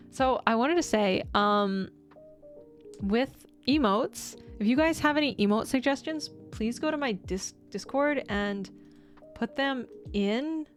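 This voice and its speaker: Bubbly young woman streamer, lively pitch. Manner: bubbly, excitable, giggly. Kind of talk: casual live-stream chat.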